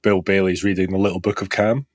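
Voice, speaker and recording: A man's voice: sits low, little pitch movement, quick pace, no room sound. A man hosting a podcast in casual comedic chat, jokey, laughing often and swearing casually. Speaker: podcast host.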